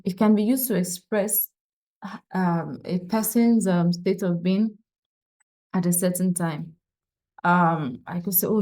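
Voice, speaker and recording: A woman's voice: fairly low pitch, mellow. A woman teaching an online French lesson, patiently explaining and repeating example sentences, with some fillers and restarts. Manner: fillers and restarts when thinking.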